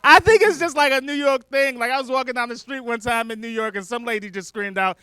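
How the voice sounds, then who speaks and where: A man doing a stand-up comedy set, animated and full of voices, on a handheld stage mic. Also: extremely high pitch, fast, clean tone, dry recording. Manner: animated, lots of character voices.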